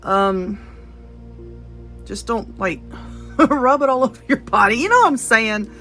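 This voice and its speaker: A woman's voice: fairly high pitch, lively intonation, measured pace, a bit bright, faint music behind. A woman giving a casual tarot and Lenormand card reading, blunt and chatty, often checking in with "okay?" and "you know". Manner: laughs and yawns between points.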